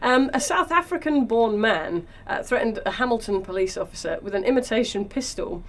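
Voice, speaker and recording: A woman's voice: fairly high pitch, expressive, a little fast, a crowd in the background. A woman hosting a comedy podcast, chatting casually and laughing often as she talks. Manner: giggly, laughs often while talking. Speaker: podcast host.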